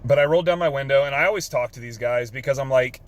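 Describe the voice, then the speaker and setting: A man's voice: mid-range voice, fast. A young man from Texas with a drawl, earnestly telling an emotional story in his car, swearing casually with lots of fillers. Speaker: vlogger. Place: parked car.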